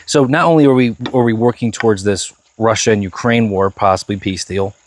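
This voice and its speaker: A man's voice: fairly low pitch, a little fast, a little hiss or hum. A man co-hosting a casual current-events podcast, talking emphatically and often restarting and repeating his words. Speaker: podcast co-host.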